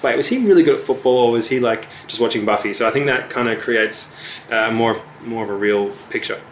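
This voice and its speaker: A man's voice: mid-range voice, brisk, a little hiss or hum. Hesitant young man, echoey room. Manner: hesitant, many fillers and restarts. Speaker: musician guest. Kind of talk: casual interview chat. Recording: echoey room with faint ambience.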